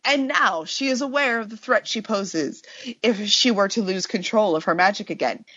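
A woman's voice: medium pitch, normal speed, a bit bright. A woman co-hosting a podcast, playful and teasing in casual chat. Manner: playful, teasing, reads with flair. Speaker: podcast co-host. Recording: dull lo-fi podcast audio.

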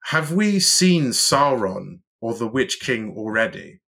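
A man's voice: mid-range voice, big pitch swings, slow pace, vocal fry, pushed and bright. A man co-hosting a casual TV review chat, rambling with many restarts and fillers. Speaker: podcast co-host.

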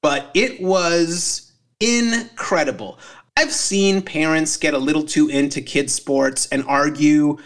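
Another funny anecdote comes from a podcast co-host and parent, whose voice is a little high and a bit bright, moving at a slow pace. He rambles with plenty of fillers on the casual comedy show and keeps laughing at his own tale.

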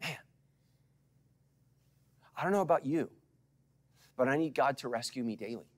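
Male pastor, middle-aged, mid-range voice; dynamic live sermon with loud peaks and quiet asides. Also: medium pitch, normal speed. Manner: dramatic swings from loud calls to hushed asides; preaching to a live congregation with call-and-response.

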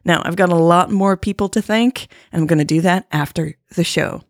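A woman who hosts a podcast, reading a romance story aloud as scripted narration in a calm, even manner. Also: on the low side, a little fast, dry recording, clean studio sound.

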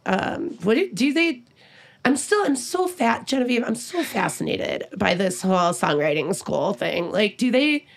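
A woman's voice: medium pitch, animated, measured pace, gravelly. A middle-aged woman musician speaking as an interview guest, blunt and profane, laughing often. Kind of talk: casual interview chat.

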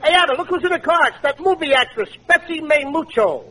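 A man acting a childish, excitable little comic in a 1940s radio comedy, whining and wheedling. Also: a little fast, slight background noise, full character voice. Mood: excited. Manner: high-pitched boyish whining clown.

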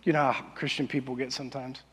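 A man preaching a sermon as pastor, conversational and animated, acting out quoted voices. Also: medium pitch, quick pace, husky. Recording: long hall reverb.

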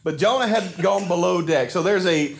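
A man in his forties preaching a sermon in a casual, animated storytelling way, acting out the quotes he tells. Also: high voice, moderate pace, creaky, faint music behind. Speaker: pastor.

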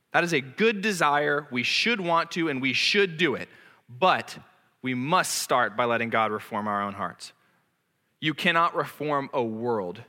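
A man's voice: medium pitch, sharp tone. A man in his thirties preaching a sermon as a pastor, earnest, candid and self-deprecating. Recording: long echoing reverb of a large hall.

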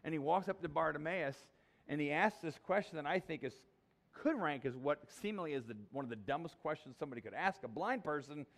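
A man's voice: on the high side, lively intonation, a little fast, a bit bright. A male pastor preaching a sermon in a conversational, jokey, emphatic way.

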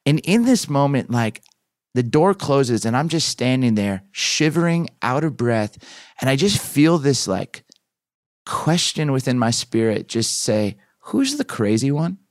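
A man's voice: medium pitch, unhurried, no room sound. A man in his thirties, a pastor and author, telling a story as a guest on a podcast. His voice sits in a middle register and is recorded close and dry. He plays out the scenes as he talks. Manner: animated storyteller who acts out his own past lines.

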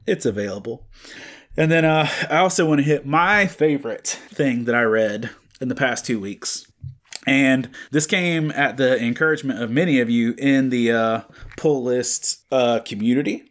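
Male podcast co-host, slightly raspy, loose rambling delivery full of fillers. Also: medium pitch. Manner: rambling, many fillers and restarts. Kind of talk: casual comic book chat. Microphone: studio microphone.

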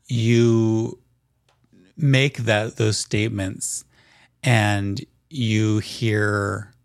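A man narrating a tabletop game as game master in a calm, descriptive way. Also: fairly low pitch, creaky, dry recording, studio quality.

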